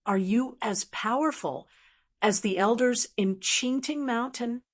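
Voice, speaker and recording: Eager young villager, earnest, slightly raised pitch, audiobook dialogue, read by a woman. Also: a little slow. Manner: excited and earnest.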